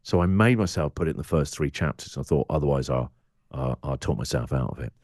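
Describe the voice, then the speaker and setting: A man's voice: extremely low pitch, animated, quick pace, a little mellow, no echo, studio quality. A middle-aged English radio presenter speaking candidly as a podcast guest, acting out his inner voice in quoted asides.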